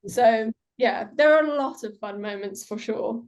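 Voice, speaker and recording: Actress, casual interview guest, chatty and a bit high-pitched. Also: female voice, measured pace. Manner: giggly, chatty storytelling with many fillers.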